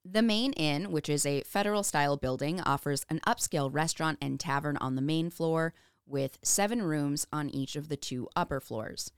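A woman's voice: low-pitched, moderate pace, clean tone, no room sound, clean studio sound. A woman co-hosting a podcast, reading researched history with casual asides and frequent laughs. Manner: laughs often, reads notes with asides. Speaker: podcast co-host.

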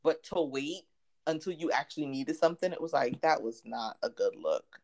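Low-voiced animated woman. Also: normal speed, creaky. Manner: animated, chatty, laughs often. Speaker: podcast co-host. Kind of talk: casual chat about a TV show.

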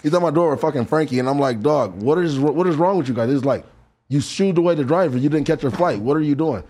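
Husky guy rattling off a story super fast, swears a lot, podcast studio. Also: on the high side. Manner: excitable, profane, talks to himself in acted asides. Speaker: podcast guest. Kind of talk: animated storytelling.

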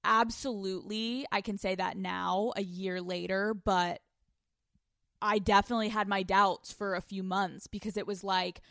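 A young woman hosting a podcast from a couch at home, telling stories in casual, animated chat full of swearing. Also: mid-range voice, moderate pace, creaky, no room sound, studio quality. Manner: animated, profane, storytelling. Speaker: podcast host.

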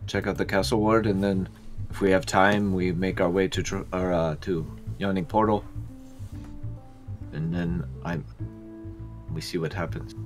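A man with a deep, low voice talks through his character's plans and leads the group. He speaks casually and decisively. Faint music plays under him on the video call. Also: steady tone, measured pace, long pauses. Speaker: player. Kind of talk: casual tabletop role-play.

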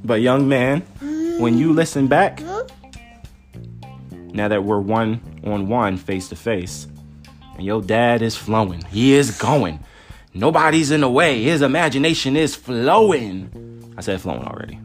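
A man's voice: mid-range voice, big pitch swings, unhurried, pauses often, faint music behind. A man hosting a podcast, chatting casually and off the cuff, full of jokes and teasing. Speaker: podcast host. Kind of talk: casual chat.

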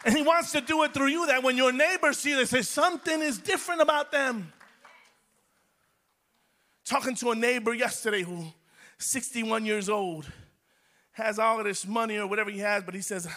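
A man's voice: very high-pitched, moderate pace, long pauses, pushed and bright. A male pastor preaching a sermon in a church, fervent and repeating his phrases for emphasis.

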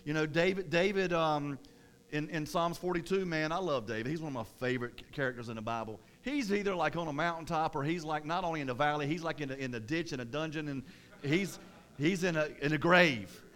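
Male pastor with a high voice, preaching casually and with energy. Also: fairly quick. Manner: energetic, conversational preaching with many restarts. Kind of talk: sermon.

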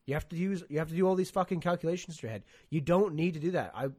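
Young man, casual podcast chat, animated storyteller, swears freely, loud acted-out quotes. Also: on the high side, racing, husky.

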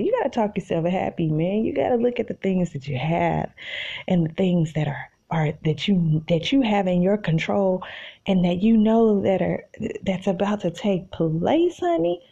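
Low raspy woman podcasting from her bed, mellow tone, kinda muffled lo-fi sound, animated and rambly. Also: normal speed. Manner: animated, self-encouraging, rambling. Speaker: podcast host. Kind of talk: casual solo podcast monologue. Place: in bed at home.

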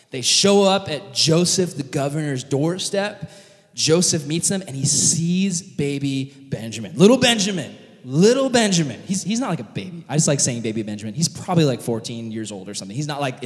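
A man with a fairly high voice preaches a funny, casual sermon in a church hall at normal speed. He retells a Bible story with animated jokes, using lots of filler words.

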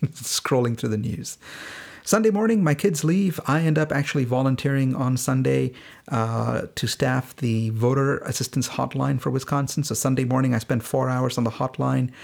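Man, middle-aged, podcast host, personal storytelling, sardonic, breathy rasp. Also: medium pitch, a little mellow. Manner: candid, laughs while telling, sardonic.

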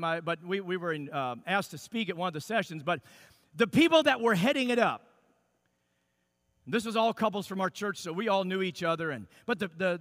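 A middle-aged man preaches a sermon, telling a story about his own marriage. He keeps stumbling and restarting in an animated way. His voice sits very high and rings out in a large echoing hall. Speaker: pastor.

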